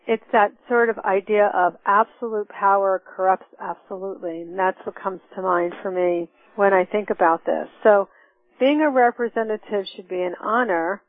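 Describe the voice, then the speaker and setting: A woman's voice: medium pitch, no room sound. A middle-aged woman teaching a class on forgiveness, earnest and reflective, walking through steps with personal examples. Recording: tinny phone-line sound, dry.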